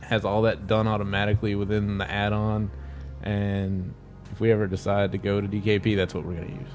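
A man's voice: lowish voice, completely flat delivery, brisk, a little mellow, soft background music. A man co-hosting a casual gaming podcast, explaining at length and rambling through asides. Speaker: podcast co-host.

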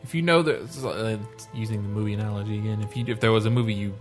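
A man in a casual chat, opinionated and quick to laugh, fond of folksy sayings. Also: lowish voice, faint music behind.

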